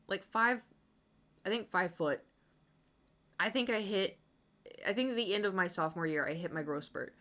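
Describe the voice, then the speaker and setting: A woman's voice: fairly low pitch, normal speed, a bit bright. A young woman streamer from the United States chatting casually, telling a long rambling story with many asides to her chat.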